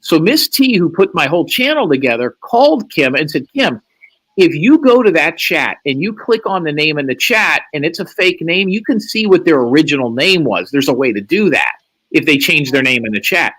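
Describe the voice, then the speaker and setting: A man's voice: fairly high pitch, sing-song, normal speed, fairly bright tone, rough recording. A man telling a long, profane story as a guest on a live stream, acting out what other people said in a raised voice. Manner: profane, acts out quoted lines in a raised voice. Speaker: livestream guest. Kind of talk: animated storytelling.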